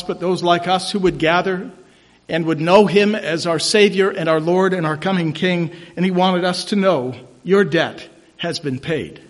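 A man preaching a sermon as pastor, emphatic and rising to loud declarations, in a church sanctuary. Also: high voice. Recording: church hall reverb.

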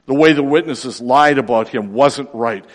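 A man preaching in a long-echoing hall, his voice pitched in the middle range. He delivers the sermon with drama, sinking to hushed tones and then swelling to loud cries. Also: moderate pace. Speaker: pastor. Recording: reverberant hall.

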